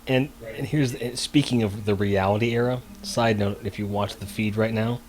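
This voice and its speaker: Blunt low-voiced man, casual podcast chat. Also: fairly even intonation, normal speed, a little mellow. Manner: blunt, opinionated, profane. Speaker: podcast co-host.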